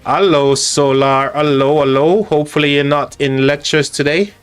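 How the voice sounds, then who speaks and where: A man with an English accent hosting a live stream, chatting casually in a halting way with frequent restarts. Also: on the high side, steady tone, clean tone, faint music behind.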